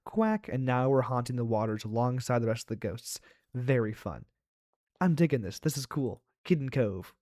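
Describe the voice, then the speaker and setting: A man's voice: medium pitch, normal speed, a little mellow, no echo. Man, game host, chatty playful reactions, dry close sound. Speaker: let's play host. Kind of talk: playing a game aloud.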